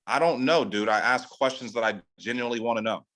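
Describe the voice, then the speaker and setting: On a roughly recorded team training call, a California sales team leader gives a laid-back motivational pep talk at a fast pace. He's animated, loose, and profane, packing in filler slang, and his pitch shoots up sharply whenever he hammers home a point.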